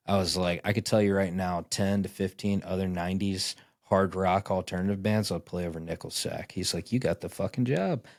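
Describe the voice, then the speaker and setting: Podcast host in his thirties; low, dry-miked voice; loose, profane storyteller who acts out conversations. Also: dry recording. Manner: rambling storyteller, acts out dialogue, swears often. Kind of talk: casual chat.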